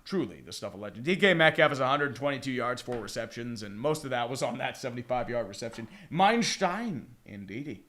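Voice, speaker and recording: A man's voice: mid-range voice, lively intonation, fast, few pauses, pushed and bright. A man calling play-by-play in a casual style, breaking into jokey, mumbled asides between plays. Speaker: play-by-play commentator.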